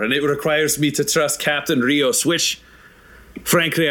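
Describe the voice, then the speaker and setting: A man's voice: medium pitch, a bit bright, lightly acted. A man voicing an earnest hero in a tabletop game, speaking formally and resolutely.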